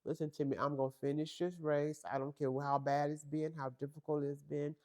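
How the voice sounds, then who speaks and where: A brisk, low-sitting, slightly mellow voice with little pitch movement belongs to a woman running a faith-based podcast. She preaches emphatically to her female audience, circling back to key phrases and calling listeners girl and honey.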